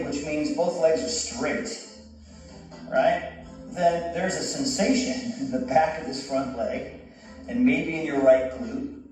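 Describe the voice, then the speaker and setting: Upbeat male yoga instructor, slightly high voice, jokes at himself, echoey room, far from the mic. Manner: casual, encouraging, self-joking. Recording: echoey room, distant mic, soft music.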